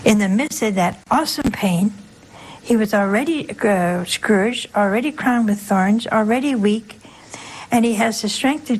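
An older woman, a nun, preaches in an easy, chatty way, tossing rhetorical questions and little "huh?"s to her listeners. Her voice sits at an ordinary middle pitch, with faint noise in the background. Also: expressive, measured pace, low-quality recording. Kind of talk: sermon.

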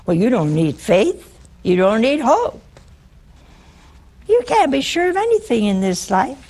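A woman's voice: fairly high pitch, very animated, unhurried, darkish tone. A woman preaching a conversational sermon, teasing and humorous, often asking listeners questions.

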